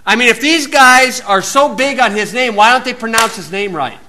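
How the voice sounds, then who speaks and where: Folksy american guy preaching outdoors, pretty high voice, gets loud and punchy. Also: normal speed, slight background noise. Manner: folksy, wandering asides, rises to emphatic preaching. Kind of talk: informal Bible teaching.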